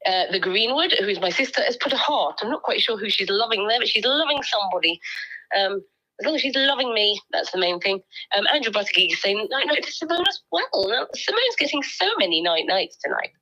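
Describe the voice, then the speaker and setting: A woman's voice: medium pitch, animated, fairly quick, bright, forceful tone, dull audio. A woman co-hosting a casual livestream, reading out viewer comments in a playful, giggly way with lots of ums.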